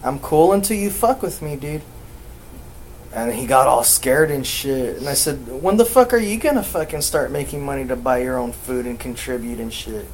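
Swearing rambling guy telling a ghost story on a chill podcast, middle pitch, light background hiss. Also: animated, moderate pace, rough recording. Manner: profane, rambling, acts out quotes loudly. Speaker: podcast co-host. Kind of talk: casual storytelling chat.

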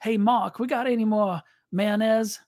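A man's voice: high-pitched, fairly even intonation, measured pace, a little mellow, no room sound, clean studio sound, pitched above the performer's own voice. A man putting on the voice of an easygoing young Cajun man working a college grill, with a Cajun accent.

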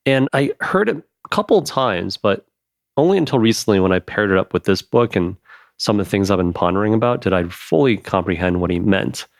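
A man hosting a podcast in casual chat, animated, laughing often and swearing freely. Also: lowish voice, brisk, dry recording, clean studio sound.

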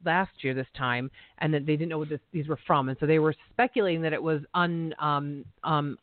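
A woman's voice: sits low, no echo. Woman guest, chatty, incredulous, lots of "like" and "um", dry tinny sound. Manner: talkative, incredulous, many fillers. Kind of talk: casual conversation. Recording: tinny phone-line audio.

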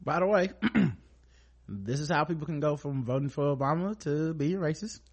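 A man's voice: fairly high pitch, animated, normal speed. A male podcast host talking casually about news, sarcastic and profane.

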